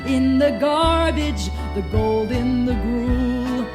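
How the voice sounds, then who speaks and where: Woman singing an old father rat, high voice, slow ballad over loud music. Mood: earnest. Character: old male rat, gruff proud father.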